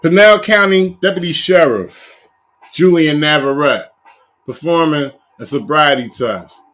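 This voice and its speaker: A man's voice: a little high, unhurried, a bit bright. A man hosting a live review of police videos, reading a news story aloud and adding blunt, profane jokes. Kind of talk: casual live video commentary.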